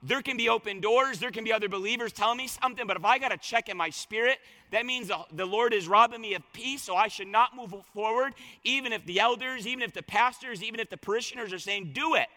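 A man's voice: high-pitched, fast, few pauses, sharp tone, long reverb tail. A man preaching a sermon as a pastor, fervent and colloquial, repeating lines for emphasis.

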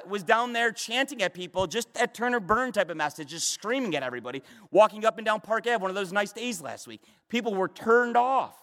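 A man preaching a sermon to a discipleship group, fervent and emphatic, swinging between loud bursts and hushed lines. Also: sits high. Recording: long hall reverb.

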